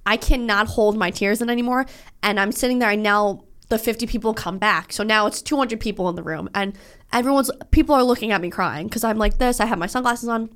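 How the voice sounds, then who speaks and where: High, quick-talking young woman storyteller. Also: clear, resonant tone. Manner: animated, emotional storytelling with frequent swearing. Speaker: podcast co-host. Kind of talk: casual chat.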